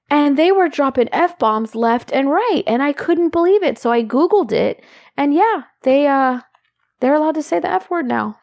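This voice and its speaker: A woman co-hosting a podcast, a mother chatting casually and telling an animated story. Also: sits high, moderate pace, no echo, clean studio sound. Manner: animated storytelling, mother talking about her kids. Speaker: podcast co-host. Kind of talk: casual chat.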